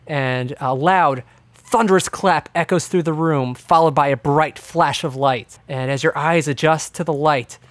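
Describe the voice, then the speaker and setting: A man's voice: fairly high pitch, measured pace, no room sound. Man narrating a tabletop game. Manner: descriptive, with filler words. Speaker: game master.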